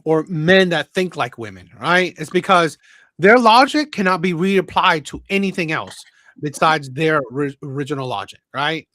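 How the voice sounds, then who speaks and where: A man hosting a call-in commentary stream with a high, bright voice. He rambles, restarts his words and keeps asking "right?". The sound is dry and close. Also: expressive, moderate pace, no room sound. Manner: rambling, repeats words, asks "right?" often. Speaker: host.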